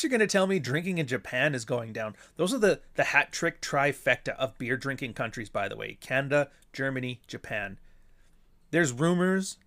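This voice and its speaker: A man's voice: mid-range voice, sharp tone. Blunt, profane, sardonic male streamer. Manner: asks and answers his own rhetorical questions. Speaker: livestream host answering chat. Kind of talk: casual livestream commentary.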